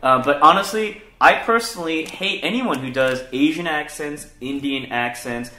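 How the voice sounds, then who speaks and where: This male comedian's voice sits on the higher side, bright and forceful, at a normal speed. Hosting a laid-back podcast in an echoey space, he curses, stays animated, and parodies other people's voices.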